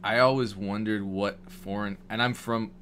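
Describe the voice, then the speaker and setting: A deep-voiced man from Wisconsin, talking loosely and jokingly as a producer on a live stream. He rambles and restarts his sentences often, and a faint hiss sits under his voice. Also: fairly even intonation, normal speed, fairly bright tone. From Madison, Wisconsin. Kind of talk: casual livestream chat.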